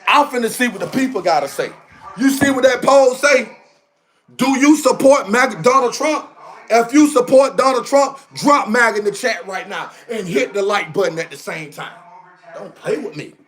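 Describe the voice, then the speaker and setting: A man holding forth on a livestream, his voice pitched high and swinging all over. He talks in a heated, emphatic way and drives each point home by repeating it. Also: expressive, normal speed, fairly bright tone, faint music behind. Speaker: live streamer. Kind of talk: casual livestream rant.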